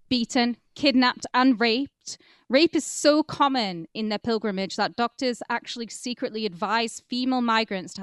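A woman's voice: a little high, clear, resonant tone, dry recording, studio quality. A woman co-hosting a podcast, telling a story in a wry, sardonic way. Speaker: podcast co-host. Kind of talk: casual podcast chat, reading from notes.

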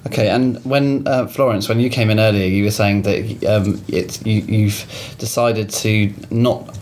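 Male interviewer, low voice, hesitant, ums a lot. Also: steady tone, measured pace, darkish tone. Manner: hesitant questioning, many ums. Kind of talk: casual interview.

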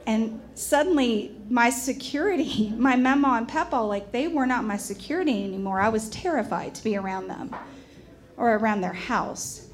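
Speaking at a fairly high pitch, a woman performs a personal storytelling piece about a haunted house. She is animated and emphatic, slowing down for the dramatic moments.

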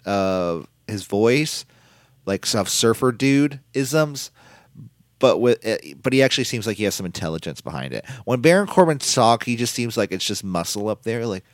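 A man's voice: fairly low pitch, lively intonation, normal speed, dry recording, studio quality. A man hosting a casual solo podcast, recapping events in a rambling, opinionated way. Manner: rambling and opinionated, quotes people in put-on voices. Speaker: podcast host recapping wrestling.

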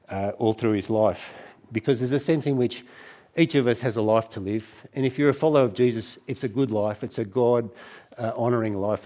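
A middle-aged man with a medium-pitched voice preaches a sermon to a church gathering. His tone is warm and conversational, and he often restarts his sentences.

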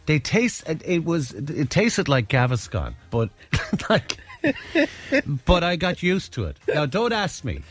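A man's voice: on the high side, huge pitch swings, slow. An Irish man spinning a long, rambling holiday yarn in easy conversation. His voice rises and falls a lot, and he keeps cutting himself off mid-sentence and chuckling at his own story. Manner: rambling, self-interrupting, laughs at his own stories. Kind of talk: casual storytelling chat.

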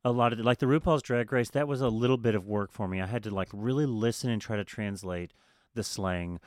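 A man co-hosting a talk show, chatting in a relaxed, agreeable way and swearing casually. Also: fairly low pitch, fairly quick, dry recording, studio quality. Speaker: podcast co-host. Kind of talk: casual chat.

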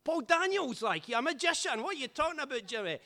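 A man voicing a big, rowdy drunk Scotsman who talks loud and slurred, with a Scottish accent. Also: extremely high pitch, sing-song, fast, voice pushed up, exaggerated voice. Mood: boisterous. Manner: slurring, boisterous, shouting.

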